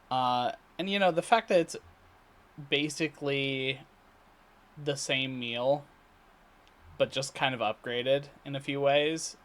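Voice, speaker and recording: Man, mid-pitched voice, unhurried delivery, halting chatty vlog, frequent throat clearing. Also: a bit bright. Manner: rambling, halting, many fillers and restarts. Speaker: vlogger. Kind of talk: casual daily video diary. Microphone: computer recording setup.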